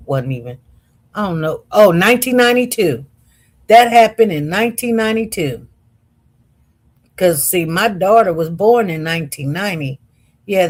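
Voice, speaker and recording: A woman's voice: medium pitch, darkish tone, slightly rough. A woman, chatting casually on a livestream, reading viewer comments and calling her viewers y'all. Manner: chatty, slow and meandering, addresses viewers as y'all. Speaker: livestream host.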